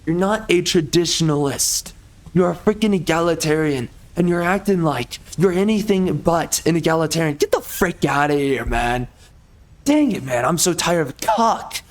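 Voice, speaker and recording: A man's voice: a little high, lively intonation, normal speed. A man ranting as he commentates over gameplay, exasperated and heated, repeating himself and swapping in mild stand-ins for curses.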